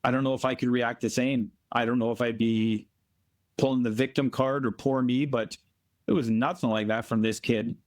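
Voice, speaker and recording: A man's voice: medium pitch, steady tone, moderate pace, a little mellow. Man from Canada, volunteer guest, plainspoken, emphatic, remote call. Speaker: volunteer interviewee. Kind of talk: earnest storytelling interview. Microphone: remote call from abroad.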